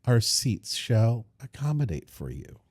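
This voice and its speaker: A man voicing a courteous, fawning male innkeeper in a lowered, unctuous tone. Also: very animated, measured pace, darkish tone, no echo, studio quality. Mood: courtly.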